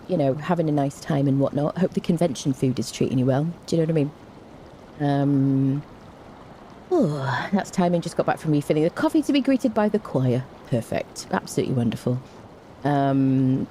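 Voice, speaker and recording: Young female streamer, low voice, lively and warm-toned, casual self-mocking chat, faint noise. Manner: chatty, self-mocking, greets viewers warmly. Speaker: game streamer.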